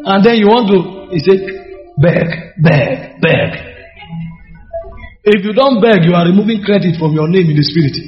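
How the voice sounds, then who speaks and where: A man's voice: high voice, fast talker, hardly any pauses, soft background music. A man preaching a sermon emphatically, with repeated phrases and rhetorical questions. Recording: echoey hall, dull sound.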